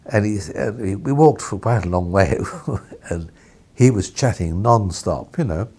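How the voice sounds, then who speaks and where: A man's voice: on the low side, animated, measured pace, a little mellow, slightly rough. An older man, a former newspaper editor, telling a rambling story with frequent chuckles and restarts in an archival interview. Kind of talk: anecdotal reminiscence.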